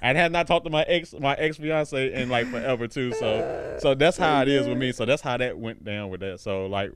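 A man's voice: medium pitch, normal speed, background noise. Profane, rambling man telling stories. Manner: rambling, profane storytelling with laughs. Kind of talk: casual chat.

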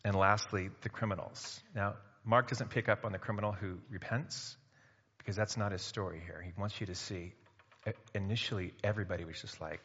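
Bright-voiced male preacher in a hall. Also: lowish voice. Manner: conversational, rising to loud emphatic bursts. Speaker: pastor. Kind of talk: sermon. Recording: muffled sound in a reverberant hall.

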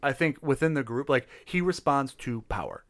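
A man in a loose, casual chat about a tabletop game, his voice at an ordinary middle pitch. He rambles, circling back on himself with lots of fillers and restarts. The sound is dry and close, with no room echo. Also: expressive, normal speed, fairly bright tone. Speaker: tabletop role-play player. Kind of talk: casual chat about a role-play session.

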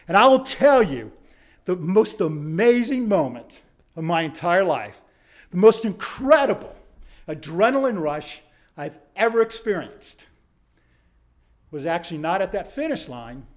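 A middle-aged man giving a storytelling speech to an audience, dramatic, dropping to a hush and then rising to shouts. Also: on the high side. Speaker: motivational speaker.

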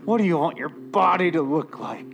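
A pushy, hard-selling male pitchman from a mock ad, as a man puts him on, raised in pitch and rough with gravel. He forces every line out through clenched teeth. Clear music plays behind him. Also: normal speed, lo-fi sound. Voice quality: strained, clenched-teeth delivery. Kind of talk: mock radio advertisement.

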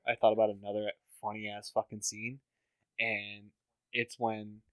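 A man's voice: fairly low pitch, monotone, a little slow, no room sound. A man co-hosting a casual movie chat while drinking beer, profane and rambling with fillers, often laughing. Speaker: podcast co-host.

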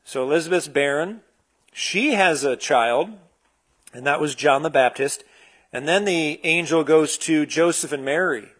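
Male pastor, fairly high voice, casual sermon delivery full of uhs and restarts. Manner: relaxed, searching, with frequent fillers and restarts. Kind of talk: conversational sermon.

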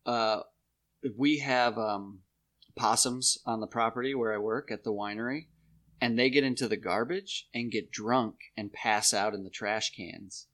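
A man's voice: lowish voice, steady tone, a little slow, a bit bright. A man from New York in a casual comedic chat, telling rambling, jokey anecdotes with silly voices.

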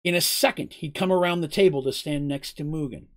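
A brisk, mid-range voice carries this expressive fantasy reading. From time to time the storyteller breaks off to address the audience directly.

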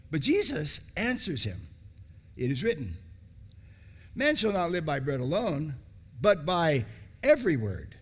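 A man preaching a sermon, repeating phrases for emphasis and swinging between loud, raised bursts and low, hushed lines. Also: huge pitch swings, unhurried, pauses often, slightly rough.

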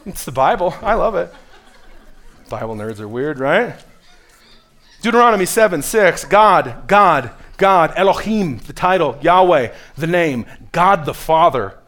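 A man preaching a sermon as pastor, earnest and direct, dropping to a hushed voice and then building to loud, emphatic peaks. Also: a little high, expressive, a little slow. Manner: earnest, pushes the listeners directly.

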